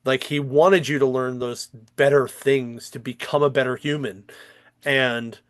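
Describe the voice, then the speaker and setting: A man's voice: medium pitch, steady tone, a little slow, no echo, clean studio sound. A man hosting a comics podcast, chatting casually in a rambling, profane way with lots of fillers and restarts. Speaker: podcast host. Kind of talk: casual chat.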